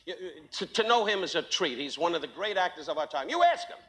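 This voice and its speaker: A man's voice: a little high, animated, fast, sharp tone, poor audio. A man telling a rambling, jokey story on stage, slipping into quoted voices. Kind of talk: anecdotal stand-up.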